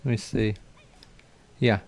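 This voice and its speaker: Chatty low-voiced male game streamer. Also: steady tone, slow pace, darkish tone. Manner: chatty, greets viewers by name, repeats himself. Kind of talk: casual live game commentary. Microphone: desk mic, no headset.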